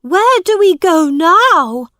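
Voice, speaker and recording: A shrill, loud boy prince who shouts his words in a slow, dry storybook voice, put on by a woman narrator. He sounds young and demanding, with his pitch leaping about. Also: sing-song, no echo, full character voice. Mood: eager.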